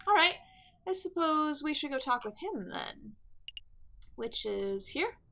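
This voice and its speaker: A woman's voice: high voice, big pitch swings, slow, creaky, pushed and bright, a little hiss or hum. A woman casually commenting as she plays a game, muttering asides to herself. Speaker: let's play host.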